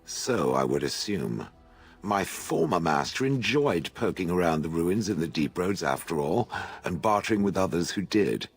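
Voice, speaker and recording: An actor playing a haughty, aloof male stone golem in a game, speaking with posh, husky dryness. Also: low voice, very animated, normal speed, faint music behind, heavily acted. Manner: posh, refers to others as "it". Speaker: game character. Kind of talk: voiced game dialogue.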